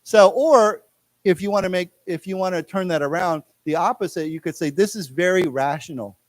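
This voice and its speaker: A chatty American man leads a live English lesson in a lecture room, his voice a little higher than most men's. He talks loosely, restarts often, and draws words out slowly so the class can repeat them. The sound is dry and close, with little room echo. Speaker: English teacher.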